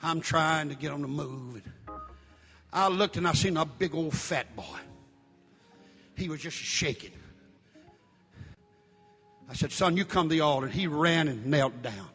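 An older man preaching a sermon, shouting his lines in Pentecostal style and dropping low when telling a story. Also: lively intonation, unhurried, pauses often, big-room sound, soft background music. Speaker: pastor.

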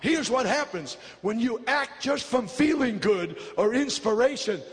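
A man preaching a fiery revival sermon in a large church, shouting and dramatic. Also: very high-pitched, animated, unhurried, in a large hall. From United States. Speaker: pastor.

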